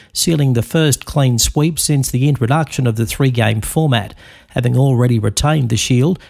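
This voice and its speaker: A man's voice: mid-range voice, gravelly, darkish tone. A man reading a radio news bulletin. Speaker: newsreader.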